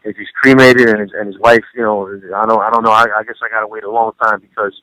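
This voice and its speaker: Fast-talking man, rambling phone storyteller. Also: on the low side, little pitch movement, pushed and bright, dry recording, poor audio. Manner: rambling, profane, full of "you know". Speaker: guest recalling a late friend. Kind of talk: casual phone interview storytelling. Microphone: phone call.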